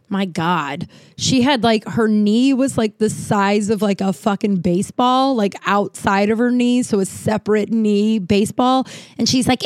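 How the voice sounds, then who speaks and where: A woman's voice: medium pitch, dry recording. Rambling, swearing woman telling a story. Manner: rambling, swears freely, many "like"s. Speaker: vlogger. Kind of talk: casual storytelling to camera.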